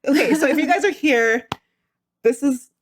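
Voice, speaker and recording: A woman's voice: high voice, normal speed, slight background noise. Giggly chatty woman podcast co-host. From Washington state, US. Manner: giggly, rambling, many restarts. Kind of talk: casual chat.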